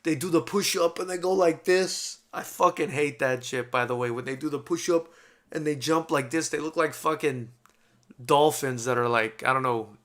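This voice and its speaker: A man talking casually about fighters after a fight night, swearing freely and dropping "man" at the end of his sentences. His voice sits a little high and sounds bright. He tells his stories with lively, animated energy. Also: moderate pace. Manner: animated, profane storytelling with frequent "man". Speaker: host of a fight post-show. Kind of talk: casual chat.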